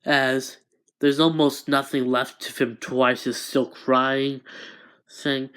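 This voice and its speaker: Slow, hesitant male storyteller. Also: mid-range voice, level tone, a bit bright, smooth. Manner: hesitant, restarts often. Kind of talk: improvised fan story narration.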